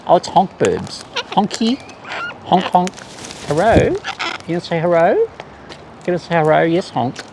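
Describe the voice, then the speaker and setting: A man's voice: wildly swooping pitch, a little slow, long pauses. A man chatting to his pet birds in a cooing, sing-song voice, recorded on a camera on a tripod. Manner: cooing, sing-song talk to birds with high squeaky swoops. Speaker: bird keeper filming his parrots. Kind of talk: casual chat to pet birds. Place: indoors among pet birds. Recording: clear background noise.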